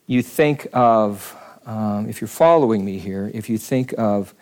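Lively man teaching a Bible study. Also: on the low side. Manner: animated, questioning the room, speeds up and slows down. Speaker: pastor leading a Bible study.

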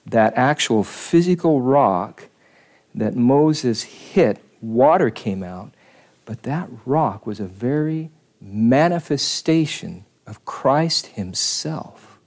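Man, pastor, Bible study teacher, animated, asks questions, shifting pace. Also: mid-range voice. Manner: animated, questioning the room, speeds up and slows down.

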